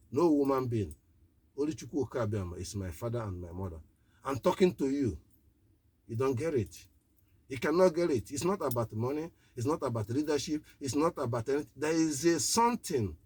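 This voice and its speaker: A man speaks live on the radio as an activist, preaching in a husky, breathy voice of middle pitch. He talks in short, repeated declarations, pressing each point again and again. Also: darkish tone. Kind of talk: impassioned live political address.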